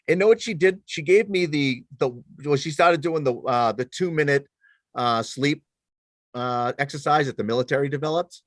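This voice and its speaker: Animated storytelling veteran man, dry close sound. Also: medium pitch, moderate pace, no room sound. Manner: animated storyteller, self-deprecating, many restarts. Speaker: guest, former police officer and military veteran. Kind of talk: casual podcast conversation.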